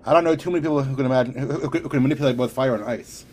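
A man's voice: rapid-fire, a little mellow, a little hiss or hum, lightly acted. A man voicing a determined young superheroine in an audiobook reading, talking firmly and scolding with a raised voice. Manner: firm, scolding, raised pitch.

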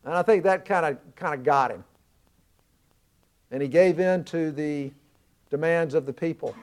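A man's voice: a little high, moderate pace. A man from the American South preaching a sermon, retelling a story with earnest emphasis.

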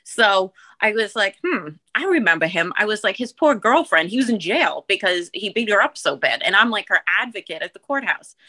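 A woman in her thirties with a New Jersey accent, telling a story on a podcast in a lively, profane way and acting out the quotes loudly. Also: medium pitch, normal speed, few pauses, no room sound, poor audio. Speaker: guest storyteller.

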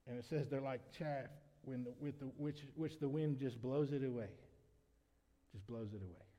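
Preacher in an echoing church. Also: male voice, medium pitch, moderate pace. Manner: swings from quiet, conversational asides to loud, emphatic preaching. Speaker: pastor. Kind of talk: sermon. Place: church sanctuary. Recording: long reverb of a church hall.

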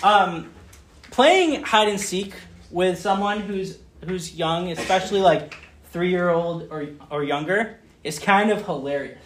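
A man in his thirties giving a playful church talk, telling stories with lots of fillers and bursting into loud, excited acted asides. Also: high-pitched, slow pace, slight background noise. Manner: chatty, many fillers like "um" and "like". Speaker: speaker giving a children's message. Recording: roomy echo.

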